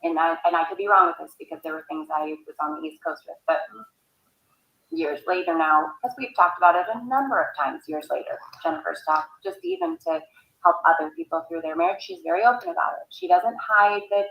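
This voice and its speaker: Woman, interview testimony, gravelly low voice, roomy echo. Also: animated, lo-fi sound. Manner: halting, hesitant recollection. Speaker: interviewee, sister of the subject. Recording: echoey room.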